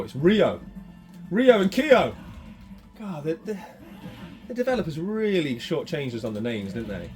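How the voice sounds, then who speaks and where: Animated man commentating a fight game. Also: a little high. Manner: animated, swings from muttering to shouting. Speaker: retro gaming channel host. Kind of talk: excitable gameplay commentary.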